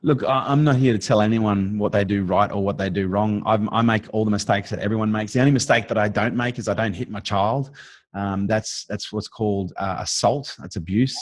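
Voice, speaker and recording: Middle-aged Australian man, blunt and sweary, rapid delivery, dry close-up sound. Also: on the low side, dry recording. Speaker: interview guest, business strategist. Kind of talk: casual interview chat.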